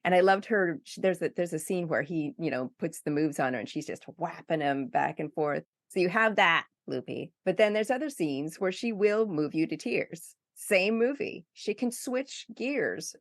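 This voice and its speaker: Low-voiced woman host, dry sound. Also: animated, moderate pace, hardly any pauses, no echo. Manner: conversational, eager, thinking aloud. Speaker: podcast host. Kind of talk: podcast interview.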